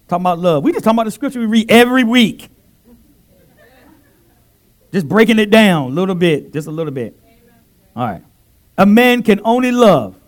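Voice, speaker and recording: A man preaching a sermon in a church into a handheld mic, calling out to the congregation and swinging between loud exclamations and soft asides. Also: a little high.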